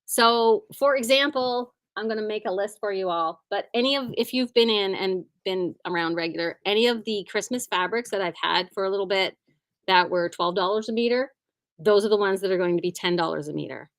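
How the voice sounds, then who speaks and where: A woman's voice: mid-range voice, brisk, no room sound. A woman who owns a quilting shop, chatting casually and cheerfully about sales in her store, often humming and saying "like". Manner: chatty and upbeat, hums and says "like" often.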